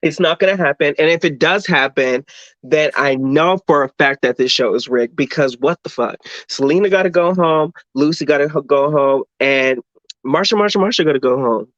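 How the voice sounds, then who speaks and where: A man's voice: on the high side, normal speed, fairly bright tone, no echo. A man co-hosting a podcast, giving a blunt, sassy, profanity-heavy review in casual chat. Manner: blunt, sassy, swears a lot. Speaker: podcast co-host. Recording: dull lo-fi dry sound.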